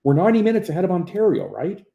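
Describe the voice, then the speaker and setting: A woman's voice: fairly low pitch, sing-song, racing, gravelly, roomy sound, narrow, tinny audio, voice pushed up. A man voicing a friendly, motherly telephone operator woman with a Newfoundland accent and sing-song, chatty dialect. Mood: warm chatty.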